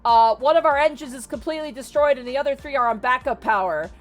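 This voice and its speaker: A woman voicing a matter-of-fact male tech soldier who reports quickly and deadpan. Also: sits high, soft background music, close to an everyday voice.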